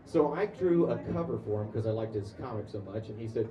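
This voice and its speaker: A man's voice: on the low side, expressive, fairly quick, noisy background. Man chatting at a convention panel. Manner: chatty, with frequent fillers and restarts. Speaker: convention panelist, comics artist and voice actor. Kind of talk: casual storytelling to an audience. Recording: echoey room, far-off mic.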